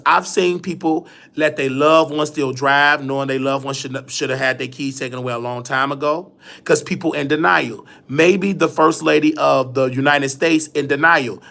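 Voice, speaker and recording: A man's voice: mid-range voice, vocal fry, fairly bright tone. A man hosting a live show, telling a rambling, repetitive story in casual chat. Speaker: host. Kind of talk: casual livestream monologue.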